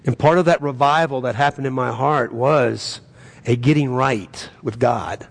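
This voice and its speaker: A man with a gravelly, husky voice preaches as a pastor. He talks in an earnest, pleading way, and his emphasis swells through the prayers. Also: medium pitch, a little slow. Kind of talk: sermon and prayer.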